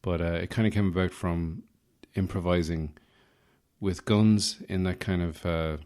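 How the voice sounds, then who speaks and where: Irish man, podcast host, rough from a nap, slightly low, rambling and self-deprecating. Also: fairly even intonation, unhurried, darkish tone. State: rough voice from just waking. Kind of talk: casual improvised monologue.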